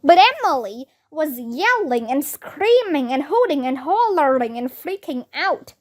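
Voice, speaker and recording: A woman reading a children's chapter book aloud, narrating in a lively way and giving each character a voice. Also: high voice, a little slow.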